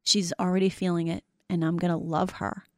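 A woman's voice: lowish voice, level tone, brisk, a little mellow, dry recording. Woman host for a faith talk show, middle-aged, earnest and encouraging, quotes scripture, dry close mic.

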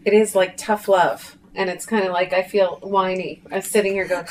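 A woman's voice: mid-range voice, fairly even intonation, normal speed, hardly any pauses. A woman taking part in a casual group Bible study, self-deprecating and often laughing through her words. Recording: distant mic with clear background noise.

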